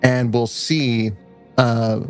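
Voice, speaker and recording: A man playing a tabletop game over an online call, describing his character's moves. His pitch is middling, and he rambles with many fillers and restarts. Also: level tone, extremely slow, clean tone, soft background music. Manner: rambling, many fillers, acts out lines in a high voice. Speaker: player.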